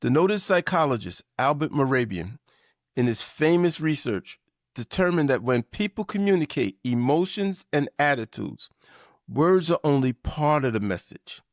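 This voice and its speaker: A man hosting a business lesson, delivering a scripted talk with measured, emphatic shifts in inflection. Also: on the high side, sing-song, no room sound, studio quality. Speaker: podcast host.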